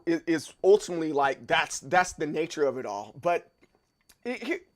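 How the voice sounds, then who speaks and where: A man's voice: on the high side, very animated, normal speed. A man in his thirties hosting a livestream, chatting casually through viewer comments and often stopping to repeat words as he thinks aloud.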